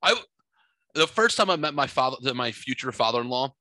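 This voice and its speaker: Bright-voiced man telling stories. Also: medium pitch, fairly quick, no echo. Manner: rambling, animated storyteller. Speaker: podcast co-host. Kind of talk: casual storytelling chat.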